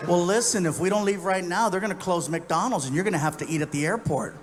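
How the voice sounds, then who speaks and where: A man telling a story on stage in stand-up, animated and acting out other people's voices. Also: high voice, quick pace, background noise. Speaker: stand-up comedian.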